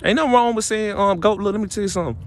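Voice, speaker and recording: A man's voice: high voice, racing, slight background noise. A young man, giving casual motivational relationship advice to camera in a preachy, repetitive way that climbs to emphatic peaks. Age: young adult.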